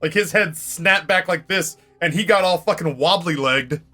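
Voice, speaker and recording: A man with a bright, fairly high voice spins a rowdy tale while streaming a game. He swears freely and breaks into laughs. Faint music plays behind him. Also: normal speed. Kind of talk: casual storytelling during a game stream.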